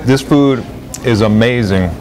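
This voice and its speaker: A man's voice: medium pitch, unhurried, over music, poor audio. A man hosting a food show on location, tasting dishes and exclaiming over them with enthusiasm.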